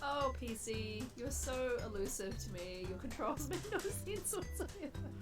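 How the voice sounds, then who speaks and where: A woman's voice: sits high, lively intonation, unhurried, far from the mic, over music. A woman commenting on her own gameplay, laughing, swearing and mocking herself. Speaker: gamer.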